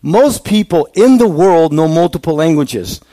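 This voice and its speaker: Animated preacher man, dry sound. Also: on the high side, unhurried, no echo. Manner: conversational, asks the congregation questions. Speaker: pastor. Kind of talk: sermon.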